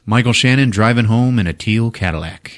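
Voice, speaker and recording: A man hosting a podcast, recapping a movie in a casual comic way, animated, laughing and swearing freely. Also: lowish voice, fairly quick. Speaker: podcast host.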